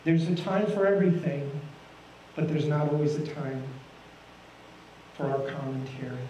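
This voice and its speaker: Folksy high-voiced preacher in a roomy church. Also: male voice, dark tone, a little hiss or hum. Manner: folksy, asks the congregation many questions. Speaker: guest pastor. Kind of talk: sermon. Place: church sanctuary. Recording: roomy, from a distance.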